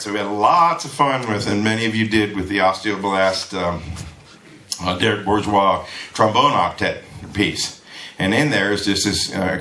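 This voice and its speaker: A man teaching a trombone masterclass to students, talking in an animated way and singing rhythms aloud. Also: lowish voice, a little hiss or hum. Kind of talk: lecture to students. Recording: echoey room.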